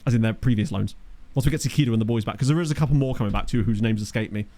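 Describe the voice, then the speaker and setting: A man's voice: on the low side, very fast, dark tone. A young man chatting casually while streaming a football management game, with wry asides and replies to chat. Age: young adult. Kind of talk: casual live-stream commentary. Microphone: desk microphone.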